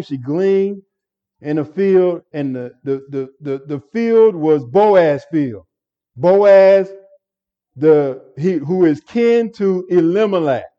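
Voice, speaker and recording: Pastor, male, slow deliberate earnest sermon delivery, dull lo-fi recording. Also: sits high, mellow. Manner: earnest, repeats words and restarts often. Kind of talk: expository sermon.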